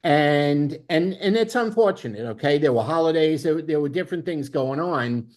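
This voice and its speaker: A man's voice: on the high side, normal speed. A man leading a network marketing training, speaking emphatically and often checking in with "okay?". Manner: emphatic, peppers lines with "okay?"; excitable, bursts of laughter. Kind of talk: motivational training talk.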